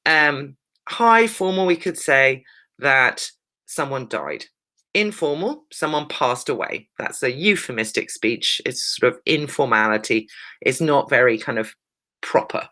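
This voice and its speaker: A woman teacher talks her pupils through a revision lesson with a bright, sharp-edged voice. She is brisk and emphatic, and often checks in with "right?" along the way. She drops in playful, teasing asides. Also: sits low. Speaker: secondary school English teacher.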